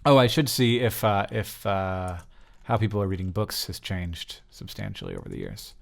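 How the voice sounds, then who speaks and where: A man's voice: fairly low pitch, animated, normal speed, gravelly. A man in his thirties talking casually as host through survey results, rambling with many fillers and restarts.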